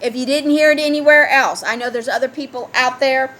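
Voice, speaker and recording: A woman's voice: high voice, fairly even intonation, a little fast, fairly bright tone. A woman in a heated, ranting solo commentary, reading news aloud and firing rhetorical questions at her listeners.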